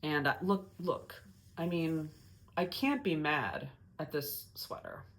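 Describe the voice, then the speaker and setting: Woman host, low-ish voice, casual self-mocking chatter with frequent restarts. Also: slow. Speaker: knitting podcast host. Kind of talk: casual chat.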